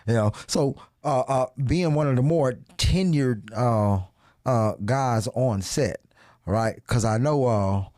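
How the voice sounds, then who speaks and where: A man interviewing a guest in a casual chat, easygoing and halting as he works out his questions. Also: medium pitch, dark tone, no echo, studio quality.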